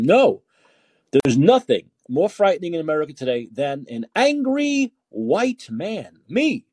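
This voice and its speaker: Slightly high, a little mellow and husky, this man's voice comes through with no room sound. He hosts a call-in podcast, ranting indignantly, peppering listeners with rhetorical questions and repeating words when worked up.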